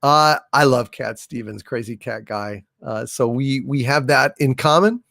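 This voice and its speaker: A man's voice: mid-range voice, vocal fry, fairly bright tone, dry recording, studio quality. A man hosting a casual livestream, hailing and thanking viewers by name as he reads their messages aloud. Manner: hails and thanks viewers by name, drawn-out unhurried delivery. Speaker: livestream host.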